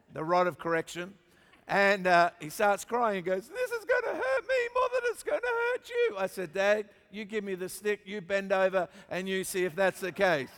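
High-voiced Australian preacher in a hall. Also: male voice. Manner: animated storyteller with jokes and asides to the congregation. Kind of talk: sermon with humorous storytelling. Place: large church auditorium. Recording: long hall reverb.

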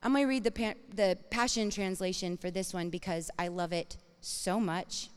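A woman preaching a sermon in an expressive, dramatic way, acting out inner voices and reading scripture. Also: mid-range voice, moderate pace, clear, resonant tone, in a large hall.

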